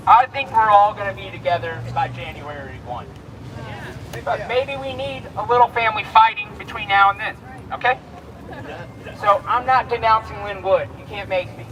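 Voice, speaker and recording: A high, bright-toned man delivers an emphatic protest speech outdoors, driving home his points through repetition. He is heard from some distance off the mic, with a faint crowd murmur and street noise underneath. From Texas. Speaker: rally speaker.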